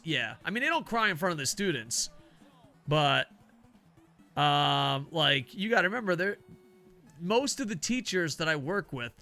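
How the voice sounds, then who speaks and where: An older, semi-retired teacher streams a game, rambling casually, cursing and laughing often as he chats. His voice is fairly high and bright with a forceful tone.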